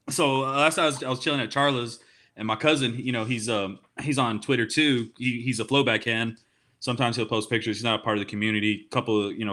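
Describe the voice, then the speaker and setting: Fast, bright-voiced man ranting casually. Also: medium pitch. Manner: rambling, swearing storyteller, gets heated. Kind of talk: casual profane chat.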